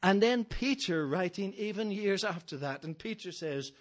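A man preaching a sermon, emphatic and building his points through repeated phrases, with touches of gentle humour. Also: high-pitched, lively intonation, normal speed.

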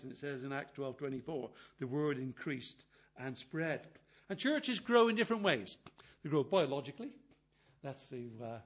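An older man preaching with a slightly raised pitch. He is earnest and quotes scripture often, dropping to quiet asides and then building to emphatic, louder passages. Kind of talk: sermon.

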